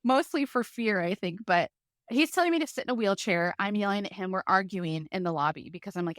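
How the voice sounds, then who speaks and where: A woman guest on a podcast telling a personal story in a lively way, full of "like" fillers. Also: mid-range voice, brisk, dry recording, clean studio sound. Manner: lively, vivid retelling with many fillers like "like".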